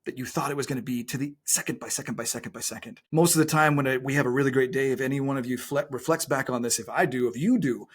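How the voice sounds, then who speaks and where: A man speaking as a guest business coach in a podcast conversation, earnest and motivational, stretching key phrases out slowly for emphasis. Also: mid-range voice, breathy edge.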